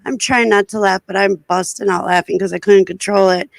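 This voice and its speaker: Woman, casual live-chat storyteller, filler-heavy, even middle pitch, dry room. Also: fairly quick, vocal fry, few pauses, dry recording. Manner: rambling with many fillers and restarts. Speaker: co-host of a reselling live show.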